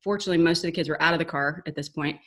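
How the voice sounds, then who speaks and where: A woman's voice: deep voice, fairly even intonation, rapid-fire. A woman co-hosting a casual spiritual chat, talking in an earnest, rambling, self-questioning way. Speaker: podcast co-host.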